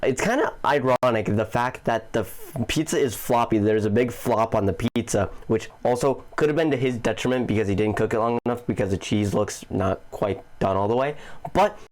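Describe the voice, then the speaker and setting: A man's voice: medium pitch, normal speed, a little mellow. Goofy man doing commentary. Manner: goofy, chuckling, loose and profane. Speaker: commentary channel host. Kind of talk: casual video commentary.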